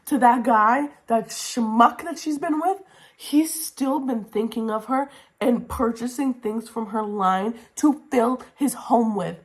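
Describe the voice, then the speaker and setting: A young woman book vlogger talking to her camera at home in a casual reading wrap-up, gushing and excitable, swearing casually and repeating herself. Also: fairly high pitch, slow. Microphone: camera mic, talking to camera.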